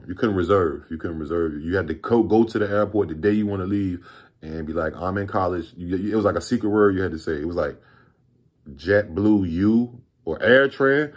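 A man in his thirties from Virginia rambles through a storytime vlog, relaxed and full of slang and swearing. His voice sits on the low side for a man. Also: normal speed. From Virginia, USA. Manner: rambling, laid-back, profane slang. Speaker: vlogger telling a story.

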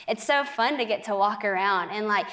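A young American woman giving a lively, earnest faith testimony as a TV interview guest. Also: medium pitch. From United States. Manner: animated storyteller, quick and earnest.

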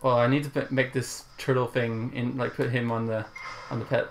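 A man's voice: medium pitch, flat delivery, moderate pace, slight background noise. A young man playing a video game and chatting casually, with playful exclamations. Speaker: gamer playing on a let's play. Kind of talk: casual gameplay chat.

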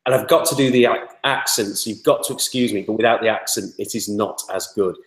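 Startup guest, low voice, chatty and rambling, echoey room. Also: male voice, a little fast. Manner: chatty, rambling, many fillers. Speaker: interview guest, toy startup spokesman. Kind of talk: casual interview talk.

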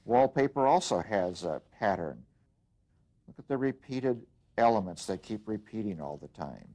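A man teaching an art lesson, explaining design principles in an unhurried way as he works, with frequent pauses and restarts. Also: lowish voice, animated, mellow. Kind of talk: demonstration lesson.

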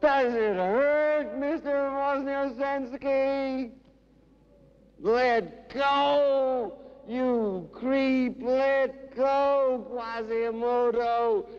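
A man's voice: very high-pitched, very slow, clear, resonant tone. A man giving an emphatic, declaimed poetry reading with sudden raised cries, at a public event in a large concert hall. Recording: lo-fi 1960s hall recording with long reverb.

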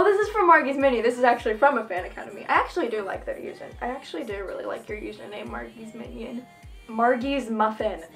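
A teenage girl chatting casually as a fan vlogger at home, answering questions and doing dares, giggly and excitable. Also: fairly high pitch. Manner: giggly and excitable, quick bursts of enthusiasm. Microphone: phone camera.

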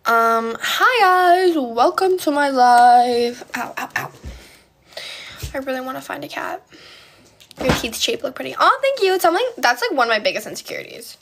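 A woman's voice: high voice, big pitch swings, fairly quick, creaky, long pauses, bright, forceful tone, a little hiss or hum. A young woman from Poland chatting on a phone live stream, answering viewer comments in a valley-girl way of talking and often stuttering. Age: young adult.

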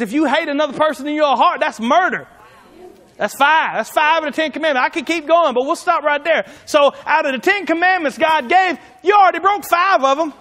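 A man's voice: very high-pitched, a bit bright, in a large hall. A man preaching a sermon in a folksy, emphatic way, driving his points home by repeating them. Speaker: pastor.

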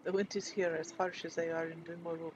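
A man's voice: on the high side, little pitch movement, fast, muffled recording, background noise, lightly acted. A man voicing a grim furbolg quest-giver in a put-on Scottish accent, reading quest text aloud.

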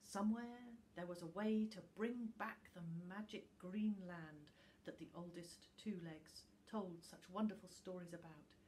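As a teacher, a woman with a voice on the low side reads a children's storybook aloud, animated and expressive, using dramatic pauses. There is slight background noise.

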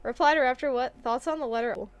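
A high-pitched woman talking casually on a live game stream. She chats with viewers, reads their messages aloud and reacts to what happens in play. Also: fast talker, clean tone. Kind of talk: casual live-stream chat while gaming.

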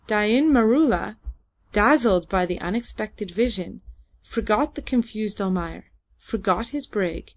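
A woman's voice: mid-range voice, animated, measured pace. A woman narrating a classic adventure novel for an audiobook, with a mid-range voice. She reads steadily and evenly, carrying long descriptive sentences without hurry. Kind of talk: scripted narration.

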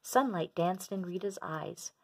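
A woman's voice: fairly low pitch, measured pace, gravelly, a little mellow, breathy edge. Woman reading a children's storybook aloud.

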